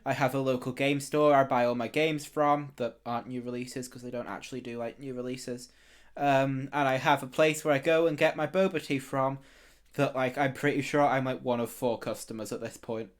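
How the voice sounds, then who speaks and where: A man co-hosting a casual podcast chat in a middle-pitched voice. He talks in a relaxed, easygoing way, rambling happily from one thing to the next. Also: normal speed. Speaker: podcast co-host.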